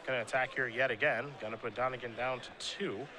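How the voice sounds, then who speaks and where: A man calling a live game play-by-play in a relaxed, conversational way. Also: mid-range voice, fast talker. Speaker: play-by-play commentator.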